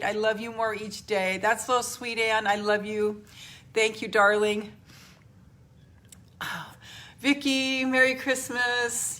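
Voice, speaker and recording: Hosting a spiritual live stream from home, a woman effusively greets viewers by name and leads a guided grounding exercise. Her voice is on the high side, bright and forceful, with fairly even intonation and a slow pace. She's recorded through a camera she holds or adjusts.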